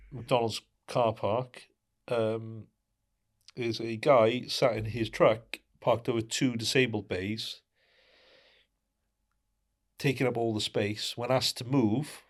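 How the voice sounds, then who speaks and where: A man co-hosting a casual podcast, talking indignantly and asking rhetorical questions. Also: medium pitch. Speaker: podcast co-host.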